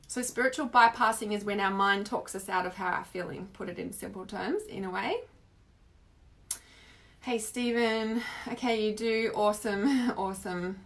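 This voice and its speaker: This Australian woman speaks at a medium pitch, giving an expressive spiritual teaching talk. Her delivery is chatty and casual, packed with filler words.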